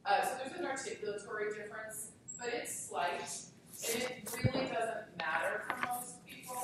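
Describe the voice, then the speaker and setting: A woman professor giving a relaxed classroom lecture, full of fillers and asides. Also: mid-range voice, recorded from a distance. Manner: relaxed, conversational, many fillers. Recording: echoey lecture hall recorded from afar with hiss.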